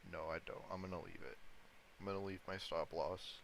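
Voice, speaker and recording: Deep-voiced man musing on a live stream. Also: fairly even intonation, brisk, fairly bright tone, slight background noise, low-quality recording. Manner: thinks aloud, talking to chat, chuckles often. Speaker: livestreamer day-trading crypto. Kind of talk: casual live-stream commentary.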